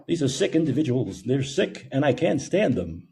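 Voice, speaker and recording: A man's voice: medium pitch, very animated, normal speed, vocal fry, few pauses, darkish tone. A man hosting a call-in show, ranting heatedly and sneering, with a lot of profanity. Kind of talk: opinion rant.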